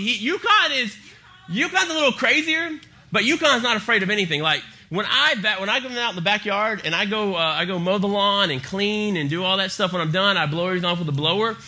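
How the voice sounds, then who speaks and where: A young man preaches to a church youth group, spinning humorous stories with lots of energy as their youth pastor. He sounds high-pitched, bright, and forceful.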